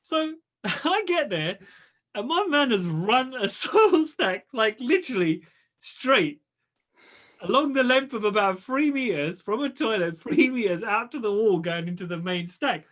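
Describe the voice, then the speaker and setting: A man's voice: sits high, expressive, a little slow, fairly bright tone. A young man co-hosting a podcast, telling a story in a laid-back, slangy way with laughs. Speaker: podcast co-host. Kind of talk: casual storytelling chat.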